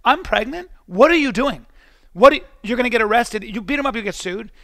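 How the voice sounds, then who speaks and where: A man voicing his alarmed pregnant wife as she scolds him in rapid, worried questions. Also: very high-pitched, animated, vocal fry, sharp tone, no room sound, pitched above the performer's own voice, exaggerated voice. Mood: alarmed, scolding.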